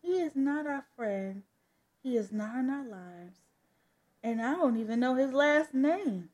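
A woman voicing a gentle adoptive mother who speaks softly and reassuringly in a comic book read-aloud. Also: high voice, animated, a little slow. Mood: soothing. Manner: soft, reassuring.

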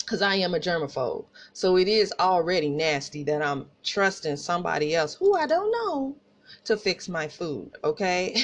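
A woman podcast host from Tulsa with an Oklahoma country accent, telling personal stories in a casual, animated way and talking straight to listeners. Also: on the low side. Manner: animated, laughing asides, addresses listeners as y'all.

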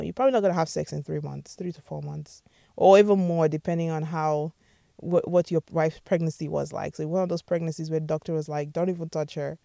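Gravelly-voiced woman podcast host. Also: on the low side, darkish tone, no room sound, clean studio sound. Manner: chatty, often asks "all right?". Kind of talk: casual advice talk.

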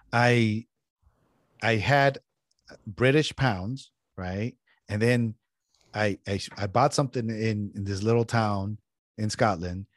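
A middle-aged man from California chatting casually as a podcast host, telling stories with big swings in pitch and cursing when annoyed. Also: dry recording, clean studio sound. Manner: animated storyteller, swears freely, jumps in pitch when riled up. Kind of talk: casual chat.

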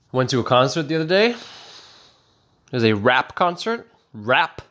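A man's voice: mid-range voice, very animated, normal speed, fairly bright tone. A man doing rambling, profane stand-up comedy, telling self-mocking stories.

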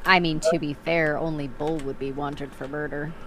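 A woman making wry, matter-of-fact remarks in casual tabletop-game chat. Her voice sits lower than most women's, and loud clicking noise runs under the recording. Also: steady tone, normal speed. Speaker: player.

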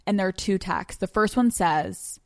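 A woman hosting a podcast, telling a personal story in a dramatic, profane way with quick bursts of speech. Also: medium pitch, a little mellow, dry recording, studio quality. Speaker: podcast host. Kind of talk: storytelling monologue.

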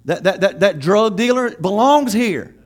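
High-voiced pastor preaching conversationally. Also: male voice, unhurried. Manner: lively, conversational preaching with laughs and acted quotes. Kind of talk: sermon.

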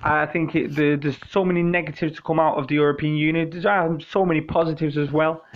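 Fairly quick and with fairly even intonation, a British man with a fairly high voice rambles through listener questions on his podcast. He curses a lot, jokes, wanders, and restarts his sentences, all on a muffled, lo-fi recording.

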